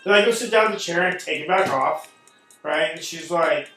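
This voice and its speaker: High-voiced man swearing in echoey room. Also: brisk, distant mic, faint music behind. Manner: animated, swears a lot, acts out quoted people. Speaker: podcast host. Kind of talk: casual chat.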